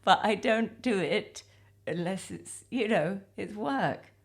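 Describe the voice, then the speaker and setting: A woman's voice: mid-range voice, expressive, slow pace. A woman hosting a comedy podcast, chatting casually and self-deprecatingly, with frequent laughs.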